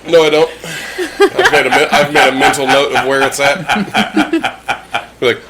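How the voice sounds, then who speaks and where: A man's voice: fairly high pitch, lively intonation, unhurried, a crowd in the background. A man hosting a casual podcast, rambling, swearing freely and laughing as he talks. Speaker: podcast host.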